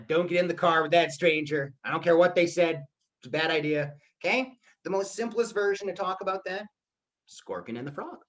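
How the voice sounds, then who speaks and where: A male teacher leading a live class over a video call. He talks in a loose, chatty way and keeps checking in with his students with a quick "okay?". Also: sits high, a bit bright. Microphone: computer mic on a video call.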